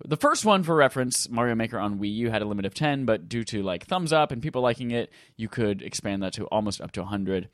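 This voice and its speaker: A man's voice: fairly low pitch, expressive, quick pace, few pauses, no echo, clean studio sound. A man hosting a gaming podcast in casual chat, joking and irreverent, with playful asides as he runs through the news. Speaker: podcast host.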